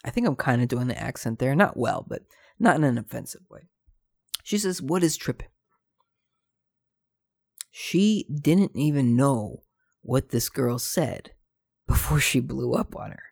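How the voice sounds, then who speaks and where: Podcast guy rambling thru a funny story, jokey and animated, dry close sound. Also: mid-range voice, measured pace, vocal fry, no room sound. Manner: animated, jokey, tangent-prone. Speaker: podcast host. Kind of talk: casual storytelling monologue.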